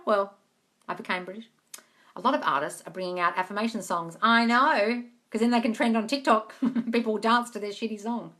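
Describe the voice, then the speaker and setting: Woman from Australia, live-stream host, bright and fairly high, chatty, swears, calls people darling. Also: animated, fairly quick. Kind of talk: casual live Q&A reading viewer comments.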